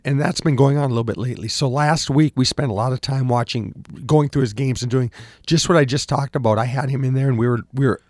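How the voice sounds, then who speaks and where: In a clean, dry studio recording, a hockey coach with a medium-pitched, darkish voice answers questions in a casual interview. He rambles, restarts often, repeats words and says um a lot, and his voice sounds slightly lost and a little worn.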